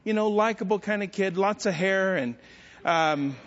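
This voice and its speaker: A man's voice: high voice, normal speed. Man, middle-aged, pastor, anecdotal sermon, self-deprecating, muffled recording. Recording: dull sound with long church-hall reverb.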